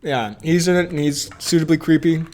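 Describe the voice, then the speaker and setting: A man's voice: fairly high pitch, a little fast, darkish tone. A young man co-hosting a casual movie podcast, rambling, laughing often and losing his train of thought. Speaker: podcast co-host.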